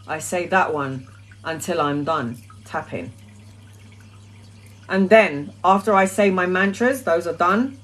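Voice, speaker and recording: A woman hosting a casual spiritual live stream, talking freely with plenty of ums and chanting mantras in a soft voice that trails off. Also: fairly low pitch. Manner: talkative, with frequent um and uh. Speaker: spiritual live-stream host answering questions.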